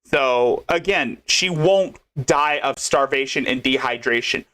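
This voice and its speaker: A man's voice: mid-range voice, unhurried, pushed and bright. A man hosting a casual commentary podcast, rambling and swearing loosely. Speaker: host.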